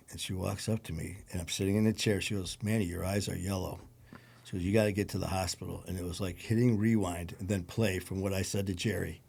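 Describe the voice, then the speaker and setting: A man with a Detroit accent, a podcast guest recounting a personal story in a low-key, conversational way. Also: a little mellow. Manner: gravelly, low-key storytelling with acted quotes.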